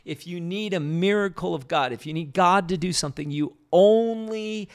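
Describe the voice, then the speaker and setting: A man's voice: high voice, pitched above the performer's own voice. A man mimicking a fervent old evangelist. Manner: rising, emphatic, drawn-out preaching cadence. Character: fervent older male evangelist crying out to believe.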